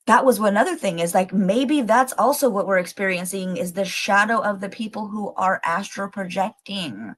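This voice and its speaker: A woman chatting live with her viewers in a slightly low voice. She rambles and thinks out loud, packing her talk with fillers and casual swearing. She sounds excitable and easygoing. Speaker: livestream host. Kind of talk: casual livestream chat with viewers.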